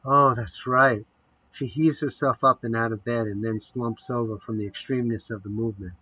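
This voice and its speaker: A man narrating an audio drama, reading scene headings and stage directions in a measured way. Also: medium pitch, steady tone, husky, no room sound, low-quality recording.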